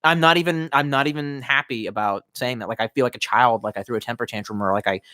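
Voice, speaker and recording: A man's voice: medium pitch, quick pace, no room sound. A young man in casual live stream talk, rambling and profane, close to a desk mic in a small room at home. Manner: profane, rambling, animated storytelling.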